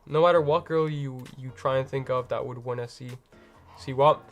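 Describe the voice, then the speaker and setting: A man's voice: medium pitch, steady tone, normal speed, soft background music. A man hosting a livestream and chatting casually with viewers from home, rambling and packed with slang fillers. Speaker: livestream host.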